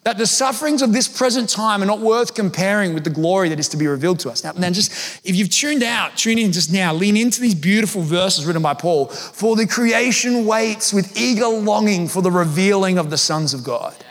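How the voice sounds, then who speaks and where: Animated pastor preaching in a hall. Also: male voice, sits high, brisk, few pauses. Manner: animated preaching, rising emphatic delivery, conversational asides. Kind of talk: sermon.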